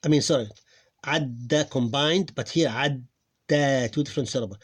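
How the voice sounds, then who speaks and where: A man who is losing his voice, teaching a pronunciation lesson. He talks haltingly, repeats words and drills sounds slowly, clearing his throat now and then. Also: medium pitch. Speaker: Arabic teacher. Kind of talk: live online lesson.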